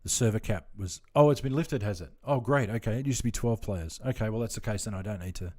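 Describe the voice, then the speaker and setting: A man's voice: lowish voice, fast talker, darkish tone. A laid-back Australian man chatting casually with viewers during a game stream, rambling and friendly with lots of fillers. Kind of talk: casual live-stream chat.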